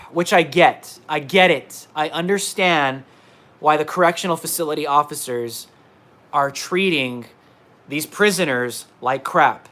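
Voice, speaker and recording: Fired-up male independent reporter, livestream rant, slightly high voice, repeats himself hard. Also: fairly bright tone. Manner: indignant, emphatic, repeats himself. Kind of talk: livestream monologue. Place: indoors at a laptop.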